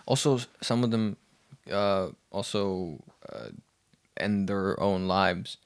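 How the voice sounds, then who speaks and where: Hesitant low-voiced man, dry close sound. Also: slow, smooth, no room sound. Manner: hesitant, lots of uh and um, calm fact-telling. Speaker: podcast guest. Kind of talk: casual chat.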